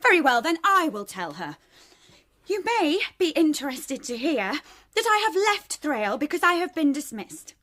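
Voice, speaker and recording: An actress playing a bitter, rebellious young daughter in a radio drama, sarcastic and tearful by turns. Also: female voice, high voice, sing-song, moderate pace, bright, forceful tone, exaggerated voice. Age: young adult.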